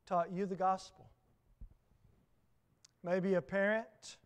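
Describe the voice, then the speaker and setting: A man's voice: high-pitched, slow, pauses often, clean tone. A man with a Southern US accent preaching a sermon, emphatic, with repeated phrases and rhetorical questions.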